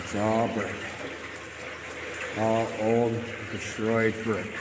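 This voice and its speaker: A man's voice: fairly low pitch, little pitch movement, very slow, noisy background. Breathless man filming outdoors by a canal. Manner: amazed, repeats himself, talks to viewers while walking. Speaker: vlogger exploring brick ruins. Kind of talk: casual walking commentary.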